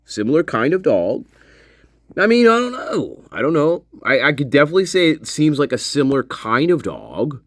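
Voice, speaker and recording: A man's voice: on the high side, wildly swooping pitch, moderate pace, no room sound. A man giving sarcastic, profane casual commentary over video footage, laughing often. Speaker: online commentator.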